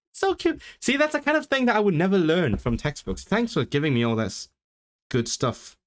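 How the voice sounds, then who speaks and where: A man's voice: on the high side, fairly quick. A man livestreaming casually about learning languages, thinking aloud with many restarts, reading chat and trying out learner's Welsh. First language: English. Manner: switches into learner's Welsh with lively intonation. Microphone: desk microphone.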